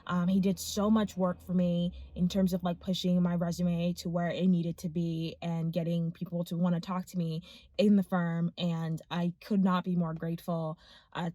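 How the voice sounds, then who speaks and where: A woman in her twenties, a law student, talking to her phone's front camera in a rambling, excited vlog full of fillers. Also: on the low side, dry recording. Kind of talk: casual vlog chat.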